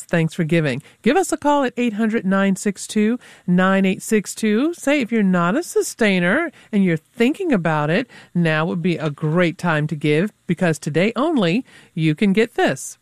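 A woman's voice: fairly low pitch, no room sound, studio quality. A woman hosting a live public radio pledge drive in a friendly, chatty way.

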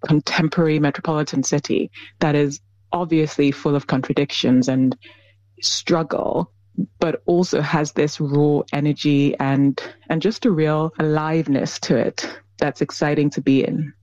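Woman filmmaker from nigeria being interviewed, low voice, kinda dull dry sound. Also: fairly even intonation, normal speed, darkish tone, no room sound. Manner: earnest, reflective. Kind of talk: radio interview.

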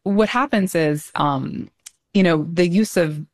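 A woman's voice: lowish voice, takes it slowly. A woman talking as a guest in casual conversation, explaining things thoughtfully with many ums and light laughter. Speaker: guest commentator.

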